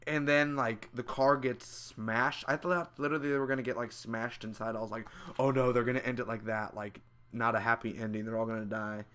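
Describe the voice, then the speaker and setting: A young man giving a casual, loud and excitable spoiler review, full of slang, who acts out the scenes with high squeals and screams. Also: brisk, few pauses, smooth. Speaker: movie reviewer.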